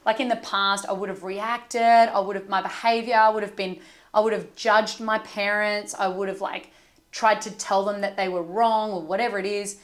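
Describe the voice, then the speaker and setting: This is a young adult woman from Australia who coaches people in emotional intelligence. Her delivery is earnest and gentle, and she slips into softly spoken quoted asides as she tells stories in a podcast conversation. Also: mid-range voice, fairly even intonation, brisk.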